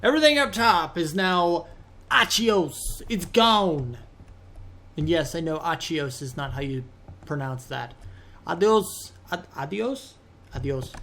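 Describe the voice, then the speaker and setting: A man's voice: fairly high pitch, expressive, measured pace, long pauses, fairly bright tone. A man hosting a modded game let's play, talking casually through his gameplay with rambling asides and easy exasperation.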